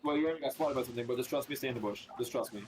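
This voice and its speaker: A man's voice: medium pitch, racing, a little mellow, slight background noise, low-quality recording. A man co-streaming a game in casual chat, coaching the player and repeating his advice insistently. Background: game music.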